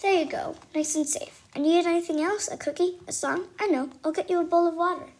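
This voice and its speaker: A woman voicing an excitable, dramatic little girl with bubbly, insistent outbursts, read aloud from a storybook. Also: very high voice, brisk, a little hiss or hum, voice pushed up. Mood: doting.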